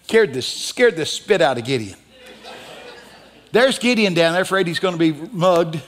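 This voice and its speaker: A man's voice: on the high side, very animated, normal speed. Preaching man in a reverberant church. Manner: dramatic preaching, rising to loud emphatic peaks. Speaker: guest pastor. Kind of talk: sermon. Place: church sanctuary. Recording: church hall with long reverb.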